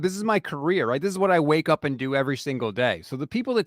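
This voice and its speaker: A man's voice: mid-range voice, big pitch swings, fast talker, few pauses, dry recording, studio quality. A man co-hosting a sports podcast, talking casually and reading listener reviews aloud, getting emphatic when he defends himself. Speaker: podcast co-host.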